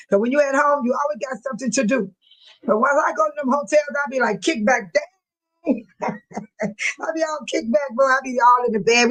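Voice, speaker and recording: A woman's voice: on the high side, rough recording. A woman hosting her own channel in casual live-stream chat, laughing often and mimicking other people in exaggerated voices. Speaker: channel host.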